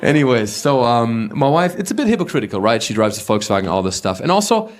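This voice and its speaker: A man from Germany, doing stand-up crowd work on a club stage, animated and shouting his punchlines. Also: medium pitch, quick pace, few pauses. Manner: animated, shouts punchlines and acts out quoted voices. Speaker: stand-up comedian. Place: comedy club stage with a live audience. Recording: live club recording with audience noise.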